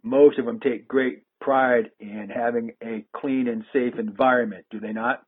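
A man's voice: mid-range voice, steady tone, moderate pace, slightly rough. A man hosting a casual conversation, rambling and hesitant with frequent restarts. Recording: phone-like lo-fi line.

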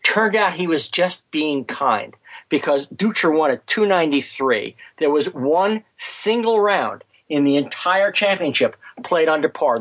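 A man telling golf history anecdotes on a podcast, halting with many fillers and restarts. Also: a little high, a bit bright, poor audio. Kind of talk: podcast conversation, storytelling.

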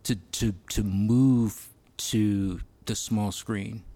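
A man co-hosting a casual podcast chat, thoughtful and halting, with many pauses and restarts. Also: on the low side, steady tone, mellow. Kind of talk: casual film-industry chat.

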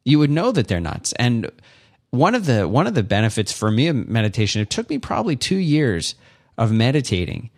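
A man's voice: mid-range voice, wildly swooping pitch, a little fast. A man co-hosting a podcast, talking in a casual, thoughtful way with many restarts. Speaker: podcast co-host. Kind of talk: casual reflective chat.

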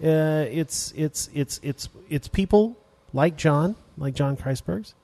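A man's voice: on the high side, takes it slowly, dark tone. A man hosting a casual podcast chat, hesitant and wry, with lots of restarts. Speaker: podcast host.

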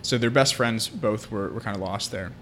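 A man's voice: on the low side, moderate pace, a bit bright, a little hiss or hum. A man co-hosting a podcast, retelling a film plot in casual chat, with many fillers. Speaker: podcast co-host.

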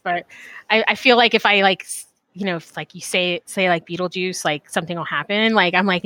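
A woman hosting a podcast in casual chat, animated and full of fillers, acting out her own quotes, speaking into a headset mic. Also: fairly low pitch, quick pace, dry recording. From Texas. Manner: chatty, animated, many fillers and acted-out quotes. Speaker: podcast host. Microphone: call center headset.

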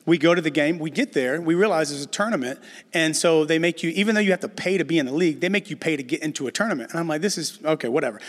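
Middle-aged pastor guy preaching, kinda high voice, funny storyteller, big echoey church hall. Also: very fast. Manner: animated storytelling, addresses the congregation with humor. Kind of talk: sermon. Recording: long hall reverb.

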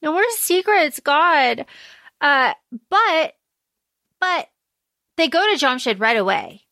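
A woman with a high, bright voice talks through a book on a podcast, chatty and animated, slipping into quick quoted asides. The sound is close and dry, with no room around her. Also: no echo. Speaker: podcast co-host. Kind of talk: casual book discussion.

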